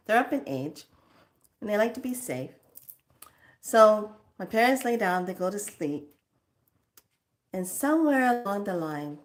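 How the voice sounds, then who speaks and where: A woman hosting a casual spiritual talk, telling a family story animatedly and laughing often. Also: fairly low pitch. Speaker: spiritual teacher and host.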